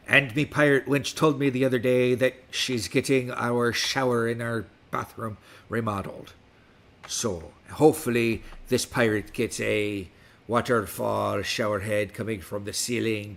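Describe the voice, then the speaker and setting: A middle-aged man hosts a relaxed livestream in a put-on West Country pirate accent. His voice is gravelly and unhurried, with a playful pirate swagger. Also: mid-range voice. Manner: playful pirate talk, reads stats aloud. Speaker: livestream host. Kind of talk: casual livestream chat in a pirate voice.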